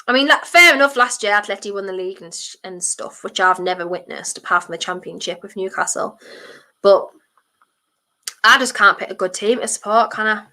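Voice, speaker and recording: Brisk and medium-pitched, her voice pushed and bright, a young Durham woman chats on a football watchalong stream. Her North East English accent is mixed and softened, and she reads out viewer comments, replying bluntly with a bit of mild swearing.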